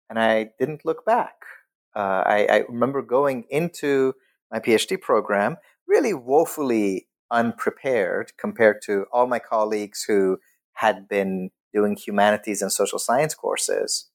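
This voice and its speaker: A middle-aged man, a scholar, telling his own story in a casual way. He is animated and laughs often, and his pitch jumps high when he quotes himself.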